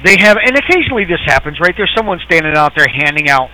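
A man's voice: a little high, big pitch swings, fast, background noise. A middle-aged man co-hosting a casual chat, rambling and sarcastic, chuckling as he tells stories. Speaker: podcast co-host.

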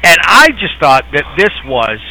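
A man's voice: on the high side, sing-song, unhurried, over loud music, poor audio. A middle-aged man co-hosting a casual chat, rambling and sarcastic, chuckling as he tells stories. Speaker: podcast co-host.

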